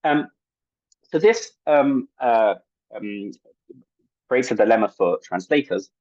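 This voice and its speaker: A man giving an academic talk at an online workshop, halting and full of fillers, on video-call audio. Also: medium pitch, expressive, a little mellow, dry recording, highs cut off. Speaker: workshop presenter.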